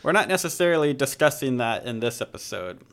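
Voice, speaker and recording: A man's voice: medium pitch, big pitch swings, quick pace, fairly bright tone. A man hosting a podcast, discussing scripture in a conversational, joking way and correcting himself as he goes. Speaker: podcast host. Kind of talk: casual Bible discussion.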